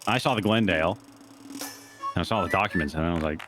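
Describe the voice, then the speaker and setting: Man, lower voice, in-character game roleplay, rambling storytelling, filler words. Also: brisk, pauses often, a bit bright, slight background noise. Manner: rambling, lots of likes and uhs. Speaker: roleplay player.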